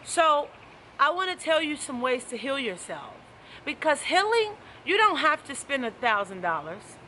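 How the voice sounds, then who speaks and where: A woman's voice: sits high, big pitch swings, moderate pace, pushed and bright, a little hiss or hum. A woman life coach giving an emphatic, preachy motivational talk to camera, repeating her key phrases.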